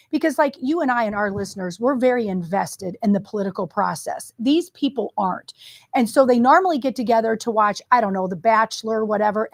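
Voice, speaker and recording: A woman's voice: a little high, gravelly, no room sound, studio quality. A woman co-hosting a political podcast, agreeable and mocking in tone. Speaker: podcast co-host. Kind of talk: casual political chat.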